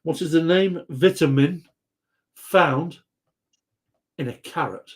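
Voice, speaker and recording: A man's voice: a little high, slow pace. A man hosting a live quiz chat, reading out viewers' answers in a rambling, jokey way and stumbling over words.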